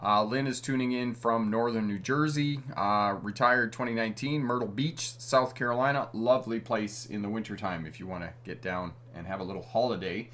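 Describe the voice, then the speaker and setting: A middle-aged Canadian driving instructor goes through viewer comments on his live stream, friendly and chatty, chuckling often. His lowish, fairly bright voice moves fairly quickly with hardly any pauses.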